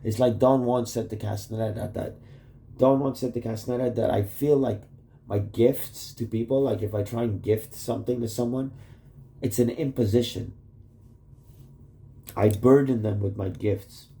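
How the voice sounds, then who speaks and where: A man's voice: medium pitch, fairly even intonation, moderate pace, warm tone. A man rambling in a casual video message to his wife, swearing often and restarting his sentences with "like". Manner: rambling, profane, full of "like" and restarts. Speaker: vlogger addressing his wife.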